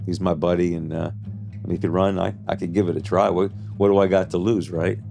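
Man, 70s, interviewee, life story, halting, fillers, very deep, gravelly. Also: steady tone, over music. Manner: halting, with frequent restarts and "you know" fillers. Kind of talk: recounting his life story.

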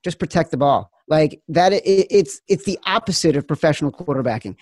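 Fired-up, swearing sports betting host. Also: male voice, a little high, expressive, brisk, no echo, clean studio sound. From Chicago suburbs, US. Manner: fired up, profane, rambling. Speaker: podcast host. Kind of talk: casual sports betting chat.

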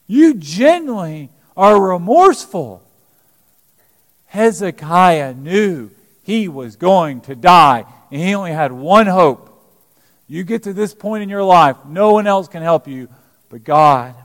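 A man's voice: high-pitched, expressive, unhurried, big-room sound. A man preaching a sermon as pastor, dramatically acting out the scripture he quotes.

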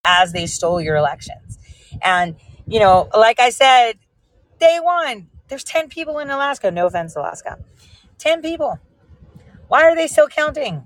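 A woman's voice: lowish voice, no echo, poor audio. Rambling woman chatting to viewers. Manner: rambling, animated storytelling; speaks directly to viewers. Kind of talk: casual livestream chat.

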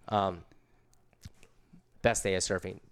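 A man's voice: sits low, steady tone, very slow. A middle-aged man casually telling a story in laid-back, slangy surfer talk.

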